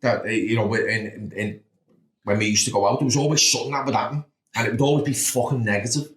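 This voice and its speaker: A man in his thirties with a Liverpool accent appears as a podcast guest, telling blunt, sweary stories about his past and often saying "do you know what I mean." His voice is fairly low with fairly even intonation, and he talks at a quick pace. The recording has a roomy echo.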